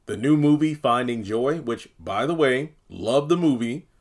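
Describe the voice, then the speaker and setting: A man with a mid-range voice and lively intonation hosts his own TV review channel, speaking unhurriedly in a casual solo review. He rambles with exasperation and sometimes acts out characters' lines.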